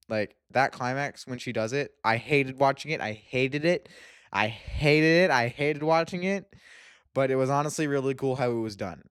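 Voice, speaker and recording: Excitable young man gushing about movies. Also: medium pitch, no echo, studio quality. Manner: excitable, gushing, quick to laugh. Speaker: movie reviewer. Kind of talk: casual movie ranking vlog.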